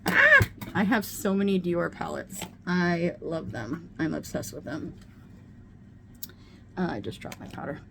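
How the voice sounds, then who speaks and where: A woman's voice: lowish voice, expressive, measured pace, gravelly, very noisy. A middle-aged woman vlogging casually at home while doing her makeup, talking candidly and swearing freely. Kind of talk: casual get-ready-with-me chat.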